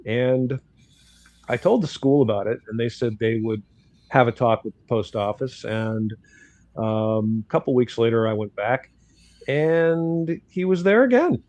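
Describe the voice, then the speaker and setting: A man's voice: mid-range voice, a little slow, darkish tone, no echo, lo-fi sound. Blunt older man telling a story. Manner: blunt, outspoken, acts out dialogue in quotes. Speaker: guest commentator. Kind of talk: casual storytelling.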